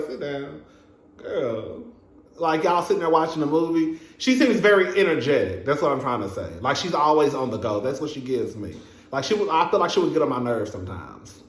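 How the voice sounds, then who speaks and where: Brief: young man, reality TV reviewer, sassy and gossipy, slightly high voice, roomy echo. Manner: chatty, sassy, addresses viewers as "girl"; frequent fillers and laughs, quick high-pitched asides. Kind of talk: casual chat. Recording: echoey room.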